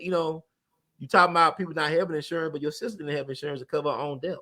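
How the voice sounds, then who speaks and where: A man, an interview guest who tells history in a rapid, animated storytelling rush. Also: on the high side. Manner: rapid, animated storytelling, admits talking fast. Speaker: interview guest, community organizer. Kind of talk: casual conversational interview.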